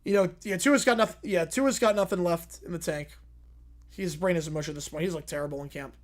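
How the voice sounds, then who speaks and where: A young man hosting a casual livestream, answering viewer questions with quick reactions and frequent "yeah"s. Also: sits high. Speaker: livestream host reading chat.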